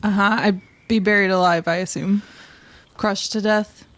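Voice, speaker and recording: A woman's voice: mid-range voice, steady tone, normal speed, fairly bright tone, a little hiss or hum. A woman player in a tabletop role-play, talking casually.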